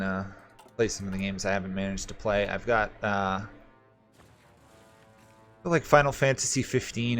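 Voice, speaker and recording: A man streaming a strategy game, thinking aloud in a relaxed, rambling way and answering chat questions. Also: fairly low pitch. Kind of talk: casual gameplay commentary.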